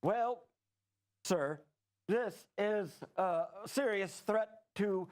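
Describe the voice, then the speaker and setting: A man playing a slow, deadpan security chief. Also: high-pitched. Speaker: improv performer. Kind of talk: improv comedy scene.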